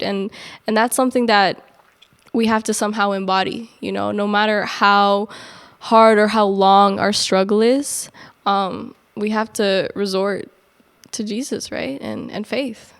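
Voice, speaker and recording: A woman's voice: medium pitch, fairly even intonation, a little slow. A young woman co-hosting a faith podcast, talking through faith and fear in a reflective, casual way with many fillers. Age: young adult.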